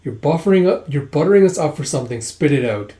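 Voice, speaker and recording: A man casually reading through a manga, voicing characters' lines in quick snippets and laughing often. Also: on the high side, lively intonation, dark tone, echoey room. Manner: reads dialogue aloud in quick voices with frequent laughs. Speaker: manga readthrough host.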